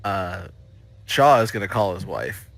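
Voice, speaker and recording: A man describing his character's actions in a tabletop game, halting and laughing often. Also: sits low, very animated, creaky, soft background music. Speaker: player. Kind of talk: tabletop role-play table talk.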